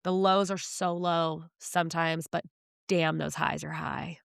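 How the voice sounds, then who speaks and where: A woman's voice: low voice, fairly even intonation, a little slow, creaky, no echo, studio quality. A woman in her thirties co-hosting a casual podcast, reflective, laughing easily. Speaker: podcast co-host. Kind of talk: casual chat.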